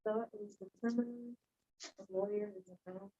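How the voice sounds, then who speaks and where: Female student, husky mellow voice, hesitant classroom answers, lo-fi audio. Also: medium pitch, fairly even intonation, normal speed. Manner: hesitant, with many fillers.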